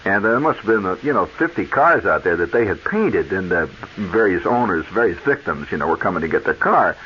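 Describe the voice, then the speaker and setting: A man hosting a radio show, telling a story in a chatty, animated monologue that speaks straight to the listener. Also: sits low, fairly quick. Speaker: radio host. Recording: muffled old radio broadcast with hiss.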